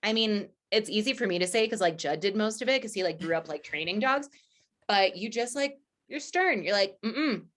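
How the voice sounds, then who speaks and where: A woman's voice: medium pitch, lively intonation, brisk, a bit bright. A woman guest on a casual podcast, a chatty storyteller who fills her talk with "like" and acts out quoted lines.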